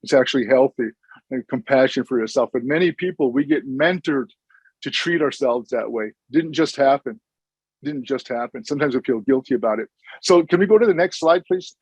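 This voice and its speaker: A man's voice: medium pitch, brisk, a little mellow, breathy edge, dry recording, lo-fi sound. A middle-aged man, a social worker, giving an earnest, informal conference presentation with stories and frequent restarts.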